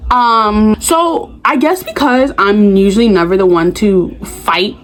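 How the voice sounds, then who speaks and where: A young woman vlogger telling school stories in casual chat, animated and acting out the other people's voices. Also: mid-range voice, measured pace, faint music behind, low-quality recording. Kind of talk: casual storytime.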